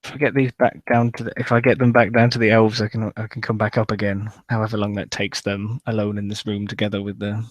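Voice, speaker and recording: A man's voice: lowish voice, flat delivery, fast, few pauses, no echo. A man playing a tabletop game, casually rambling as he describes his character's actions. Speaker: player. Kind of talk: casual tabletop role-play.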